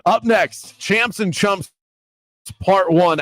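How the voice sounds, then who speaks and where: A man's voice: high-pitched, measured pace, dry recording. A man hosting a sports talk radio show, arguing his points with lots of restarts. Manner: animated, argumentative, restarts.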